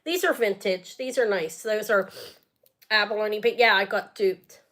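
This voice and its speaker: A woman's voice: medium pitch, measured pace, a bit bright. A woman hosting a live jewelry sale stream, chatting casually and rambling as she talks straight to her viewers.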